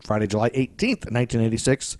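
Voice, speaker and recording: A man's voice: mid-range voice, very animated, darkish tone, no room sound. A man co-hosting a casual chat show, reading off trivia and rambling with jokes. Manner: rambling, jokey, fast. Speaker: podcast co-host.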